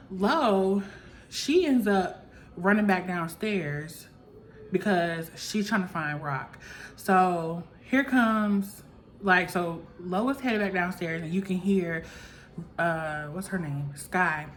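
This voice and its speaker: Woman, casual recap vlogger, gossipy, filler-heavy, slightly low pitch, faint background noise. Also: takes it slowly. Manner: chatty, gossipy, frequent "like" fillers.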